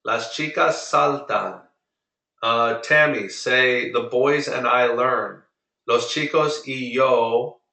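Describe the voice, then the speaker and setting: A man runs an online Spanish lesson, patiently repeating each word for the class. His voice is bright and clear. He sits back from the mic in a room with noticeable echo. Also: mid-range voice, steady tone, distant mic. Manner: patient, drills words slowly and repeats them. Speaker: Spanish tutor.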